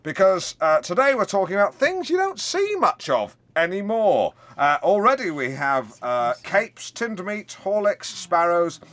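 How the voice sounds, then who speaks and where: Alan Partridge, a blundering radio host. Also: male voice, sits high, sing-song, unhurried, few pauses, a bit bright, exaggerated voice. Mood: brash. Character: pompous blundering middle-aged male radio host. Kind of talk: sitcom radio-show acting.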